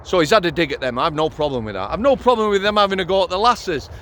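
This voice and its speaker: A man's voice: sits high, fast, fairly bright tone, slight background noise. Blunt sweary man. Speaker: former prison officer, channel host. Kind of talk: casual vlog storytelling.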